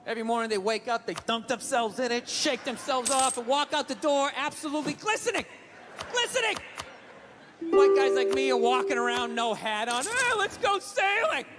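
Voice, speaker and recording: A man's voice: extremely high pitch, fairly even intonation, fairly quick, few pauses, loud music behind the voice. A man doing a stand-up comedy routine, swearing a lot and acting out heated arguments in different voices. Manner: profane, ranting, acts out arguments. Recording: loud background noise.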